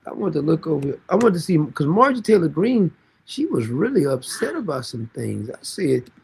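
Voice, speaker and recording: A man's voice: a little high, very animated, a little fast, vocal fry, slight background noise. A man hosting a casual livestream, rambling and mocking with frequent laughter, talking now and then to someone beside him. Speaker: livestream host.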